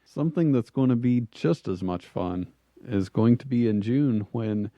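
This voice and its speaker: A man hosting a casual podcast, relaxed and easygoing as he chats with his guest. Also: mid-range voice, measured pace, dry recording, highs cut off. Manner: relaxed, easygoing, says yeah and mm-hmm a lot. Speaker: podcast host.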